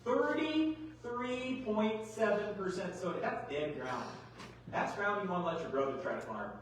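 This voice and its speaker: A middle-aged man giving a farm workshop talk, folksy and animated, full of rhetorical questions. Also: sits high, measured pace, slight background noise. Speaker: agronomy speaker. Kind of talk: workshop presentation. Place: large hall. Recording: echoey hall, mic far off.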